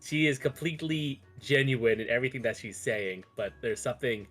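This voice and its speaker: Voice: mid-range voice, a little fast, fairly bright tone, soft background music. A game master running a tabletop game, hesitant and searching for words as they describe what the players sense.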